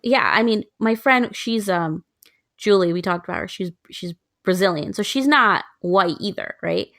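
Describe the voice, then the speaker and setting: Twenties woman cohost chatting, lively storytelling, dry mic. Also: medium pitch, normal speed, no room sound. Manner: storytelling, animated, laughs often. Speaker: podcast co-host. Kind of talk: casual chat.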